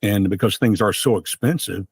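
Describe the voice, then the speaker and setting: Husky-voiced man hosting an interview. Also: on the low side, moderate pace, no room sound, studio quality. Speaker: podcast host. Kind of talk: casual interview chat.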